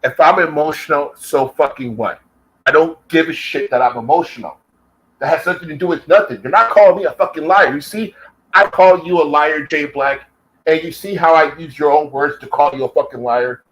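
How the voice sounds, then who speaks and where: A man's voice: a little high, moderate pace, fairly bright tone, low-quality recording. An American man delivering an angry, profanity-filled reaction rant at another commentator. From United States. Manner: heated, profane, combative. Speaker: YouTube commentator.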